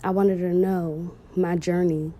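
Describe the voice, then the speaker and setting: A woman's voice: on the low side, level tone, a little slow, mellow, a little hiss or hum. A woman, heartfelt and emotional, telling viewers a personal story about her daughter and calling them "y'all".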